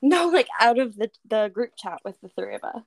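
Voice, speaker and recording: A young woman co-hosting a podcast over a remote call, animated and swearing freely in casual chat. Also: on the high side, normal speed, gravelly, no echo. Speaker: podcast co-host.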